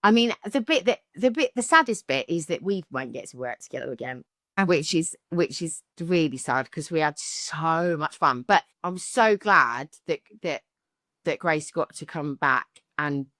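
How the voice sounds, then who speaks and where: Giddy actress guest, lively swinging pitch, dry sound, video call. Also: female voice, normal speed, dry recording. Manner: giddy, animated. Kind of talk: chatty interview.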